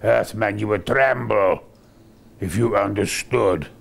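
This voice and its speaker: An older man voicing a menacing older male alien emperor, deep and theatrical, with a scornful delivery. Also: takes it slowly, vocal fry, heavily acted.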